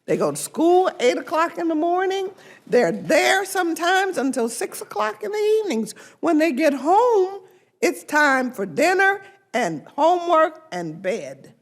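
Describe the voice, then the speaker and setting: An older woman, a congresswoman, giving an emphatic, deliberate press conference speech. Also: very high voice, very animated.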